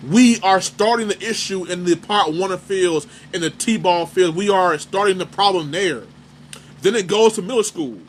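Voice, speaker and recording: A man's voice: sits high, moderate pace, slight background noise. A man hosting a sports talk show, ranting in heated, emphatic commentary and hammering his points over and over. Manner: emphatic, repetitive, fired-up.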